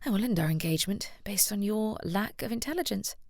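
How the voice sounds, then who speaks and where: A woman's voice: medium pitch, lively intonation, brisk, creaky, darkish tone, no room sound, pitched above the performer's own voice. Witty young lady, voiced by the woman narrator; tart, lifted and half-whispered, dry. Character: sharp-tongued young lady with freckles. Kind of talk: audiobook narration.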